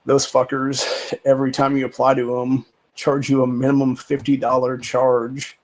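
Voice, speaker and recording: A man hosting a livestream rants casually and profanely, wandering off topic and leaning heavily on repeated filler phrases. His medium-pitched voice is a little mellow, and the audio is poor.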